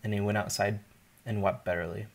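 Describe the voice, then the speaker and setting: A man's voice: fairly low pitch, flat delivery, a little fast. A man, likely a pastor, giving an informal Bible teaching, explaining in a conversational way with asides.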